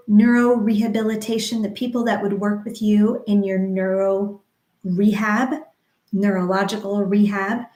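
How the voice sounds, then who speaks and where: Encouraging woman leading slow speech drills. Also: mid-range voice, darkish tone, roomy sound. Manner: encouraging, slow rhythmic modeling of phrases. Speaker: speech therapy livestream host. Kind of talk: live speech exercise class.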